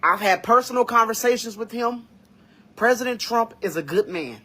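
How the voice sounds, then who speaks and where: A man giving an emotional reaction monologue, fighting back tears, slow and halting with sighs and pauses. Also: very high-pitched, expressive, sharp tone. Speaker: vlogger reacting to news.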